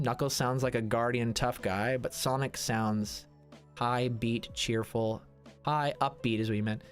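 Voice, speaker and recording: A man's voice: medium pitch, fairly bright tone. A man streaming, chatting casually with his viewers and answering their comments, rambling and restarting his sentences. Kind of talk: casual livestream chat.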